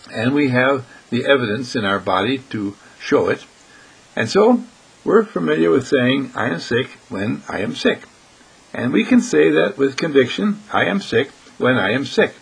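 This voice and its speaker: An American man, dean of a healing school, gives a short inspirational talk, repeating his points with emphasis and acting out his listeners' questions. His mid-range voice is gravelly and husky, very animated, at a measured pace. The audio is poor.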